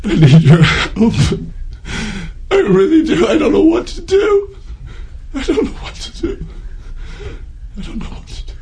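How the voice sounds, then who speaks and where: An actor playing a desperate man at his wits' end, who repeats himself and swings between mutters and shouts. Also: very high-pitched, wildly swooping pitch, a little slow, pauses often, full character voice. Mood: pleading. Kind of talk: film acting.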